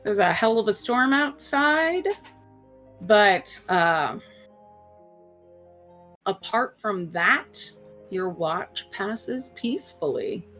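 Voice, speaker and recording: A woman's voice: medium pitch, animated, extremely slow, pauses often, fairly bright tone. A woman running a tabletop game as game master, narrating unhurriedly with small fillers. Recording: faint music behind.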